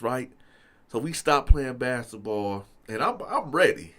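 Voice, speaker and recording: A man telling a true story from his past in a casual, animated monologue, talking straight to his audience with lots of fillers. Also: mid-range voice, measured pace. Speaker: storyteller host.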